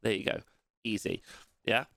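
A man's voice: moderate pace, pushed and bright, dry recording. A man hosting a show and casually running through tournament results, rambling with lots of fillers and self-corrections. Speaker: host.

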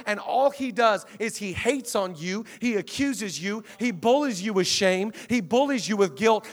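A man pastor preaching a sermon to a congregation, emphatic and energetic, with shouted peaks and call-outs to the audience. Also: high-pitched, normal speed, hardly any pauses. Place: church auditorium before a live congregation.

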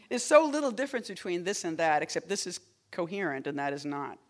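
A woman poet giving a reading, talking casually between poems in a rambling, self-interrupting, wry way, jumping between loud bursts and quiet murmurs. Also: on the low side, big pitch swings, quick pace, hardly any pauses.

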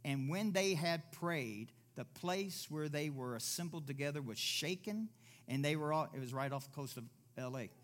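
A man delivers a sermon at a church service, his voice sitting a little higher than most men's. He preaches emphatically, stacking rhetorical questions and answering them himself. He slips into other voices to act out the people he quotes. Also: expressive, normal speed, a bit bright.

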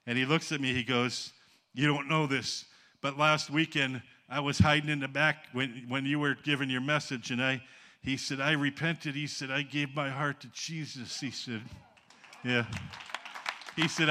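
Bright-voiced older man preaching a story sermon. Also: medium pitch, moderate pace. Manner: animated, acts out quotes, laughs at own stories. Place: church auditorium.

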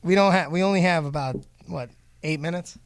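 A man's voice: a little high, fairly quick, clear, resonant tone. A man hosting a casual podcast chat, teasing and joking with his guests. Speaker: podcast host.

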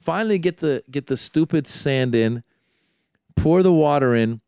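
Man, podcast host, animated storyteller, self-deprecating, dry close sound. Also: a little high, measured pace, gravelly, clean tone, no echo. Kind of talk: casual chat.

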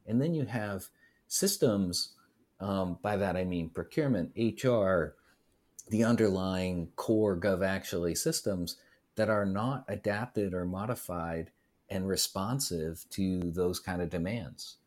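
Male podcast co-host, deep low voice, measured and reflective delivery. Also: a little mellow. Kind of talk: casual conversational podcast.

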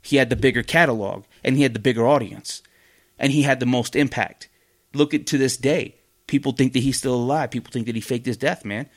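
A man ranting on his own podcast, swearing freely and talking bluntly. His pitch sits in an ordinary middle range. He stumbles over his words and restarts often as he gets heated. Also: brisk. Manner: profane, blunt, heated, many fillers and restarts. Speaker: podcast host. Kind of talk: casual ranting commentary.

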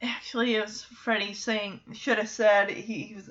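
A woman's voice: medium pitch, fairly even intonation, unhurried, bright, forceful tone, lo-fi sound. A woman casually recapping a TV episode, animatedly acting out the characters' lines between laughs.

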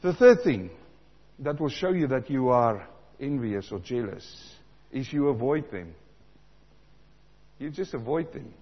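A man from South Africa preaching a sermon, animated, repeating lines for emphasis and acting out the voices he quotes. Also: medium pitch, measured pace, pauses often, breathy edge. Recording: dull sound in a large reverberant hall.

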